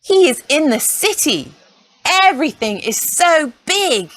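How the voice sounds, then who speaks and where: A woman reads a children's story aloud, clear and encouraging. Her voice is fairly high and very lively, and she takes her time. The recording is dry and close. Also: slow pace, dry recording. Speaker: storybook narrator. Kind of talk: scripted children's story narration.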